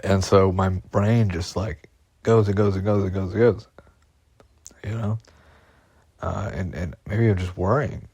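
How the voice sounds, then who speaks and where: A man with a very low voice talks through an anxious, rambling monologue. He swears often and loops back over the same worries. The sound is dry and close, like a phone voice memo. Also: steady tone, unhurried, pauses often, darkish tone, breathy edge, dry recording. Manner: anxious, agitated, profane, repeats himself.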